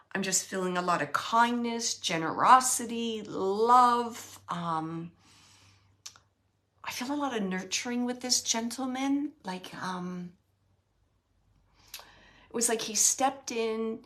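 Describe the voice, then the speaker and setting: A woman giving a live mediumship reading, relaying messages in a halting, emotional way and often searching for words. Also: medium pitch, a bit bright. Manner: emotional, close to tears at times.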